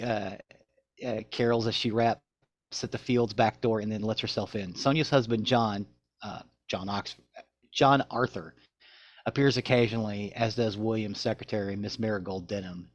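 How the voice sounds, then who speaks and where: A podcast co-host with a somewhat low male voice reads his notes aloud and then drifts into loose chat. He is recorded close to the mic in a dry room with no echo. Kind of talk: reading show notes and casual chat.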